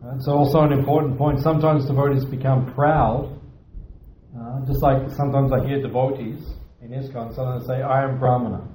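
A man's voice: mid-range voice, fairly even intonation, normal speed, dark tone, slight background noise. A man teaching at a temple, giving a devotional lecture in an earnest, self-deprecating way and repeating his points for emphasis. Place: temple hall. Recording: echoey hall.

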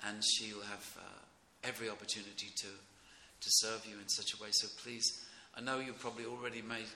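A middle-aged man giving an informal devotional class in a temple room, rambling and excitable, often breaking into chuckles. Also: on the low side, fairly quick. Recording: echoey room with faint noise.

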